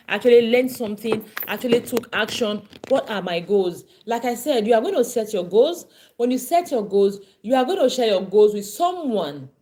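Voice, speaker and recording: A woman's voice: a little high, darkish tone. Woman, parenting coach, emphatic, repetitive, earnest teaching. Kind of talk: online class teaching.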